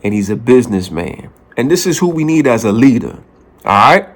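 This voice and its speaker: Speaking fairly fast, this man from the Bronx, New York, uses a mid-range voice with big swings in pitch. He's a vlogger giving casual opinions, emphatic and hammering his points through repeated phrases.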